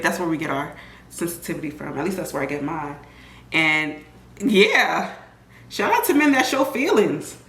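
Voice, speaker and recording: A young woman vlogger telling her own story in a casual, animated way, often acting out other people's voices. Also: mid-range voice. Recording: echoey room with faint ambient noise.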